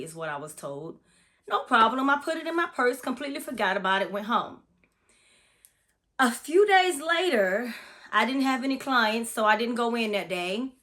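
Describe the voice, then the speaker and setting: A woman's voice: medium pitch, fairly bright tone. A woman from Florida, a massage therapist, telling a spooky personal story in a chatty, profane, dramatic way in a casual vlog.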